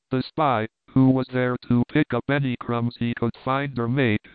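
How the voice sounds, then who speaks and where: A man's voice: medium pitch, clear, resonant tone, no echo. Man narrating a classic novel, tinny sound. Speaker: audiobook narrator. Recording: tinny phone-like audio, dry.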